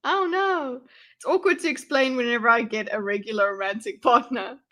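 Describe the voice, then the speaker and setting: A woman's voice: on the high side, quick pace, sharp tone. A woman hosting a casual livestream chat, laughing often and swearing freely. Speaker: streamer host.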